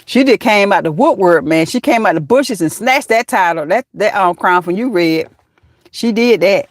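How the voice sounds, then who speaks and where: A woman's voice: mid-range voice, lively intonation, normal speed, no echo, studio quality. A woman hosting a casual live chat, reading out comments, laughing often and talking straight to her viewers. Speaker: livestream host.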